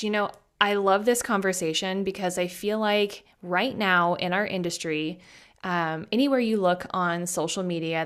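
A woman hosting a casual interview podcast. She talks in an emphatic, animated way at a middle pitch. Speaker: host.

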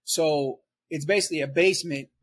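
A man from Milwaukee telling a story in casual street slang, animated and often laughing. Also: fairly high pitch, brisk, breathy edge. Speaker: storyteller guest.

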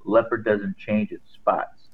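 A man's voice: on the low side, flat delivery, slow pace. A man co-hosting a casual sports talk show, telling folksy stories and homespun sayings. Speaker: co-host. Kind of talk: casual sports radio chat. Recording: tinny phone-line sound.

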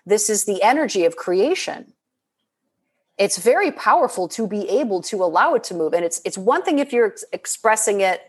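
Middle-aged woman, leadership coach; animated, expressive talker, mid pitch. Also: breathy edge. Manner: expressive and animated, quick to laugh, frequent restarts. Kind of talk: casual podcast conversation.

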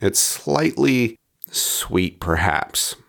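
A man hosting a podcast, describing a bottle and tasting it in a measured, descriptive way, with quieter asides as he handles it. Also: on the low side, expressive, vocal fry. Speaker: podcast host reviewing spirits. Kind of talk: scripted review narration.

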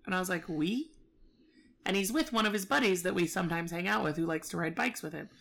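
A woman's voice: on the low side, fast talker, vocal fry, a bit bright. A woman telling a story in casual chat, profane and exasperated, acting out both sides.

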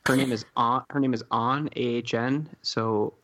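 A man's voice: medium pitch, steady tone, normal speed, a bit bright. A man co-hosting a podcast, chatting casually with wry, joking asides. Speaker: podcast co-host.

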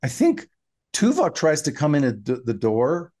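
A man's voice: fairly high pitch, normal speed. A man co-hosting a podcast, chatting casually and telling stories as he recaps an episode. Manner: chatty, animated storytelling. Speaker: podcast co-host.

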